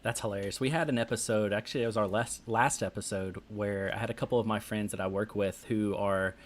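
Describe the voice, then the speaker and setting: A man's voice: on the low side, steady tone, a little fast, a little hiss or hum. A man hosting a podcast, asking his guests questions in a loose, friendly way. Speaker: podcast host. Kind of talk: interviewing guests.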